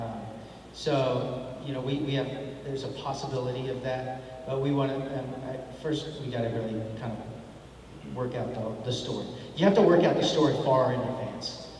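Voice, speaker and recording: A middle-aged man telling stories at a convention panel, laid-back and laughing, acting out dialogue as he goes. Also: mid-range voice. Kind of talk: storytelling at a fan panel. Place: large convention hall. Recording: echoey hall from far off, faint noise.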